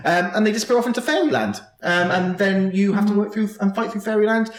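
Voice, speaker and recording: A man's voice: sits high, animated, quick pace, echoey room. A man co-hosting a casual gaming podcast, rambling through a plot summary with jokes and self-corrections. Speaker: podcast co-host.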